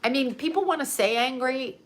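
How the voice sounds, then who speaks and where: A woman's voice: high voice, expressive, a little fast. A middle-aged woman from Canada, chatting bluntly and emphatically on a casual livestream, swearing freely and laughing often. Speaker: livestream host.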